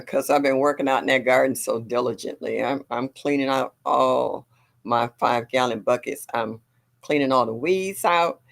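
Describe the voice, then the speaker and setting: A woman's voice: a bass voice, creaky. An older woman hosting a gardening livestream, chatting casually and reading viewer comments aloud. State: a little sore.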